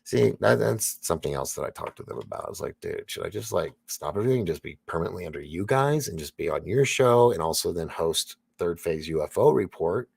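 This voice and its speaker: A man's voice: sits low, animated, a little fast, vocal fry, hardly any pauses, breathy edge, dry recording. A man hosting a casual livestream, reading viewer comments aloud with a rambling, laughing manner and lots of fillers. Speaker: livestream host reading chat.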